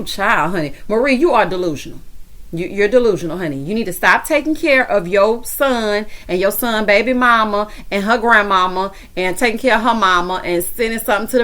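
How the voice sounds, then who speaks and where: A woman with a Southern American accent giving sassy, animated commentary on a reality TV episode, talking straight to the viewer. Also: on the high side. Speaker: reality TV recap vlogger. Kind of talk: casual commentary.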